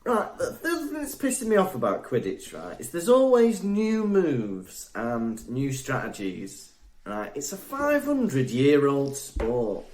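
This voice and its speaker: A man's voice: medium pitch, unhurried, echoey room. A man co-hosting a podcast, chatting casually and laughing a lot. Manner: giggly, jokey, animated. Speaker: podcast co-host. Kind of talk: casual chat.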